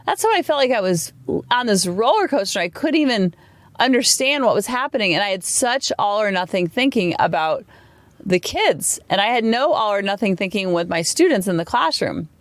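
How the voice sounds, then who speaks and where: Woman in her 40s, podcast host: candid, chatty solo talk, close dry mic, mid-pitched. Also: dry recording. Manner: chatty, candid, animated storytelling. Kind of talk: casual solo podcast monologue.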